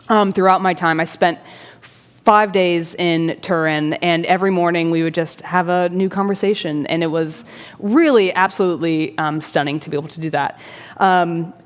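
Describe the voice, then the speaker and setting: Woman priest telling stories in a hall. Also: medium pitch. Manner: chatty, animated storytelling with self-mocking humor. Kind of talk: storytelling talk at a church forum. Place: church forum room. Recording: reverberant church hall.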